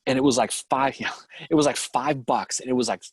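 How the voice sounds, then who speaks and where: A man's voice: medium pitch, a little fast, husky, no echo. A middle-aged man from the Boston area with a Boston accent, co-hosting a casual live stream, rambling through old memories, swearing freely and laughing often. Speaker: podcast co-host.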